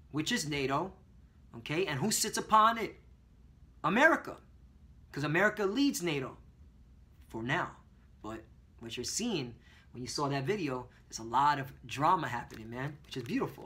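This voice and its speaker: Male scripture teacher, high and bright-edged, blunt and profane, slow deliberate verse reading. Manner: emphatic, profane, checks in with listeners constantly; reads scripture slowly and deliberately. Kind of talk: informal bible teaching.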